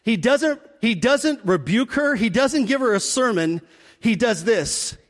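Speaking a little slowly, a pastor with a high male voice preaches in church. He narrates with vivid energy and sinks nearly to a hush for emphasis, his voice ringing with long reverb across the sanctuary.

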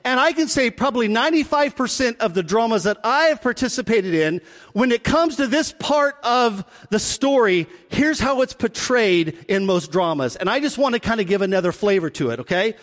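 A man with a high-pitched voice, serving as pastor, preaches at a normal tempo. Animated storytelling gives way to near-hushed moments of emphasis, and the sanctuary lends his voice a long, lingering reverb.

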